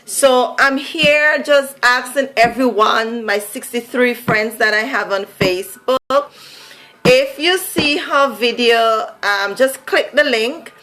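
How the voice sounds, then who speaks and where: Speaking slowly in a slightly high, bright and forceful voice, a woman vlogger from Saint Vincent talks casually to her camera. Her Vincentian accent carries a musical, sing-song lilt, she laughs a lot, and the audio is poor.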